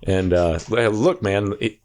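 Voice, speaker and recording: A man's voice: fairly low pitch, unhurried, darkish tone, a little hiss or hum. Profane young man chatting casually. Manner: loose, profane, jokey with bursts of silly impressions. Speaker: podcast co-host. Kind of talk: casual chat.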